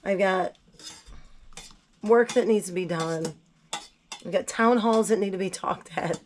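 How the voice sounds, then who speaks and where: A woman's voice: mid-range voice, measured pace, slight background noise. Sick-sounding lady chatting while she makes tea at home, dishes clinking faintly behind. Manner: chatty, blunt, self-deprecating asides. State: sick, voice not at its best. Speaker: gardening vlogger. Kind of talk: casual kitchen how-to chat. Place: home kitchen.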